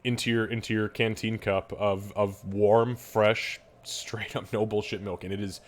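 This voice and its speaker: A man's voice: fairly low pitch, flat delivery, unhurried. A man running a tabletop game as game master, narrating in a casual, sweary, loose way.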